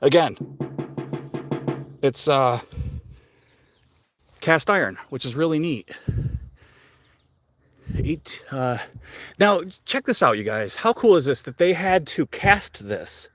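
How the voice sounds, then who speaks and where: A man's voice: a little high, expressive, slow pace, pauses often, a bit bright, no room sound. A middle-aged man hosting a casual live stream while walking outdoors through a cemetery, slightly out of breath, rambling and curious as he chats with viewers.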